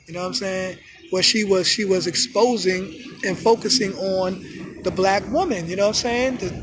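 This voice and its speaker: A man talking in a casual monologue, animated, full of street slang, often acting out other people's voices. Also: sits high, a little hiss or hum. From New York. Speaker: host. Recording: music in background.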